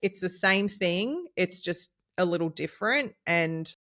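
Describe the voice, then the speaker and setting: A woman, co-hosting a casual podcast chat and rambling excitably, with lots of fillers and laughs. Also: on the low side, measured pace. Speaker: podcast co-host, nutritionist.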